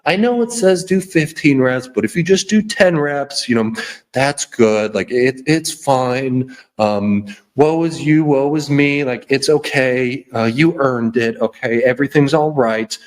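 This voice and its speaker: A man's voice: mid-range voice, unhurried, close to an everyday voice. A man voicing a soothing, coddling mother who talks someone out of effort. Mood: coaxing. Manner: soft, reassuring, indulgent.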